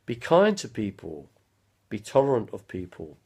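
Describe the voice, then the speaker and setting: A husky, fairly low male voice with wildly swooping pitch talks at normal speed in a rambling live stream from home. He drifts between anecdotes for his viewers, chatty throughout, and bursts into impressions and song.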